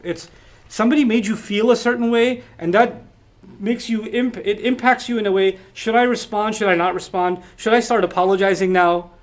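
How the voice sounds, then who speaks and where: A man giving an emphatic, explanatory Quran lesson, reciting Arabic verses between points. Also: high-pitched. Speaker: Islamic teacher.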